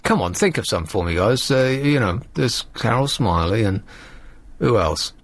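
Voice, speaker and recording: A man's voice: lowish voice, sing-song, moderate pace, no room sound. A man hosting a radio talk show, rambling and sardonic as he chats opinionatedly into a studio microphone. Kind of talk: casual radio chat.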